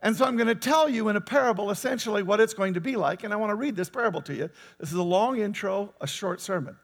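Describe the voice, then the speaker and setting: A man with a high voice preaches a sermon in a loose, conversational way. He keeps putting questions to his listeners and waits for their answers. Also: fast talker, in a large hall. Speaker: pastor.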